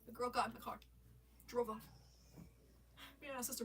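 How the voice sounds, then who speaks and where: A woman telling a rambling story on a live stream, casual and animated, swearing and laughing often. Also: on the high side, brisk, breathy edge. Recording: voice a bit far from the mic.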